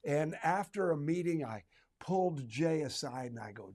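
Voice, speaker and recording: A man's voice: mid-range voice, normal speed, darkish tone. A middle-aged man, a retail trainer, telling a personal story to retailers in a conversational way, with asides and humor.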